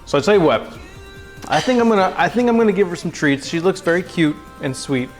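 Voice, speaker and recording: A man with a somewhat high voice hosts a casual cooking livestream from his home kitchen. He chats loosely with viewers, pokes fun at himself and coos at his dog. Faint music plays in the background. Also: lively intonation, a little fast. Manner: chatty, self-mocking, coos at his dog.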